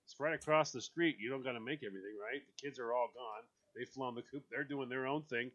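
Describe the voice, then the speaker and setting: A man's voice: mid-range voice, fast talker, dull audio. A man hosting a radio show, chatting casually and telling a long story, acting out the lines of the people in it. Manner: animated storyteller, acting out quoted voices. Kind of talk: casual chat on a call-in show.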